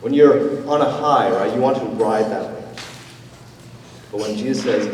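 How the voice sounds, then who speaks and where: A man preaching a sermon as pastor, with a conversational, gentle manner and casual fillers. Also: lowish voice, unhurried, slight background noise. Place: church sanctuary. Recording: roomy church hall, from a distance.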